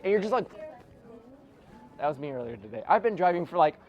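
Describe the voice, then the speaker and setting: A man working as a stage hypnotist at a live show, giving rhythmic, repetitive suggestions that sink low and soft, mixed with chatty joking asides to the audience. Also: sing-song, a little fast, lo-fi sound. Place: corporate event room with an audience. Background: faint audience.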